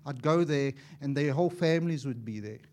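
A man preaching a sermon as an evangelist, impassioned and swinging from loud to hushed, acting out little dialogues as he tells stories. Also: fairly high pitch, fairly quick, a little hiss or hum. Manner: acts out dialogue in storytelling.

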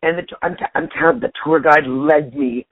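A husky woman in her forties, a stand-up comedian nearly losing her voice, talking in an animated, casual way and restarting her sentences. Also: low voice, normal speed. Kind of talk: casual interview chat. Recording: tinny dry phone line.

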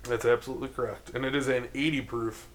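A man's voice: medium pitch, fairly even intonation, fast talker. Chatty mid-voiced male co-host who rambles and laughs freely. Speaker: podcast co-host. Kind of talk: casual chat.

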